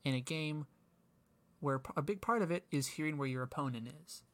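A man's voice: on the high side, fairly quick. Male podcast host, loose rambling storyteller, casual banter with friends. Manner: rambling, self-interrupting storyteller. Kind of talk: casual chat.

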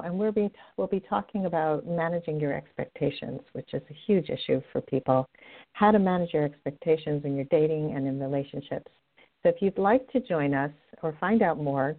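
Middle-aged woman hosting over a tinny line. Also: low-pitched. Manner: upbeat, chatty, direct. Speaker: radio show host and love coach. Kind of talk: podcast host monologue. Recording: tinny phone-line audio.

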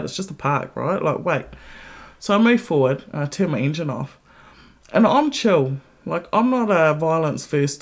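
A woman hosting a podcast who tells a story in a casual monologue, blunt, candid and full of swearing, and grows more animated as she goes. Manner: blunt, heavily profane, candid; animated retelling with rising pitch. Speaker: podcast host.

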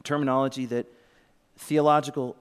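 A man's voice: medium pitch, flat delivery, normal speed, clean tone. A middle-aged man giving a sermon as a pastor, telling a heartfelt story and sometimes dropping to a whisper. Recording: long reverb of a large hall.

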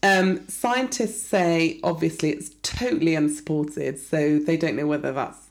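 A woman's voice: low-pitched, unhurried. A woman co-hosting a podcast, chatting casually with a laid-back manner and lots of fillers. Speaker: podcast co-host. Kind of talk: casual chat.

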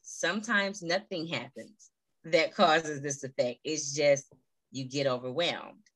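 A woman's voice: low-pitched, takes it slowly, a bit bright, no echo, low-quality recording. A woman in her thirties telling a personal story as an interview guest on a video call, earnest and heartfelt, with many fillers.

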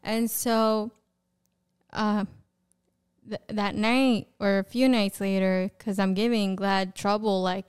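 A woman speaks as a podcast guest, giving a candid personal testimony of faith. Her voice is strikingly clear and smooth, at a middle pitch. She tells her story openly, peppering it with "you know.". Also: little pitch movement, slow pace.

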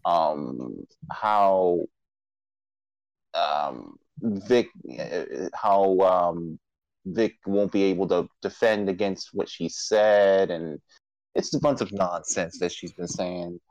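A man's voice: deep voice, darkish tone, no room sound, dull audio. Casual podcast co-host, male, theatrical preacher flair at times, dry close sound. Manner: mock-grand preacher-style intro, then loose chatty talk.

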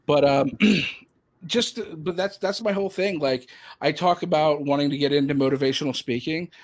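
A man's voice: a little high, moderate pace, no echo. Rambling man telling a story. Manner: rambling, animated, many fillers and self-corrections. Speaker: podcast host. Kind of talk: casual storytelling chat.

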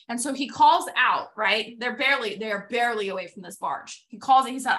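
A woman's voice: on the high side, brisk, a bit bright. A young adult woman hosting a motivational podcast, retelling a TV episode with acted-out quotes and drawing lessons for sales teams. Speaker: podcast host and sales coach.

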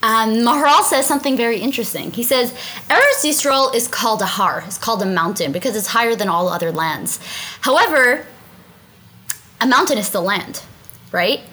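A woman's voice: on the high side, expressive, moderate pace, sharp tone, rough recording. A woman teaching a Talmud story in a chatty way, translating Aramaic lines and often asking "right?". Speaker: Torah class teacher.

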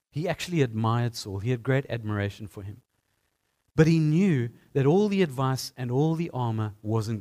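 A man's voice: mid-range voice, darkish tone. A man preaching a sermon as pastor, emphatic and repeating phrases for effect.

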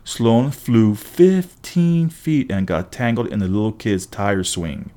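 A man reading a first-person story aloud as an audiobook narrator, steady with wry asides. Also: lowish voice, slow.

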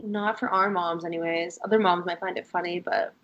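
A woman's voice: lowish voice, steady tone, fairly quick, fairly bright tone, highs cut off. A young woman co-hosting a casual podcast, telling a story animatedly with lots of fillers. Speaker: podcast co-host.

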